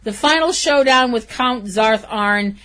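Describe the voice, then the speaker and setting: A woman's voice: a little high, measured pace, bright, forceful tone. A woman co-hosting a podcast, ranting emphatically in a casual movie review chat. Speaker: podcast co-host.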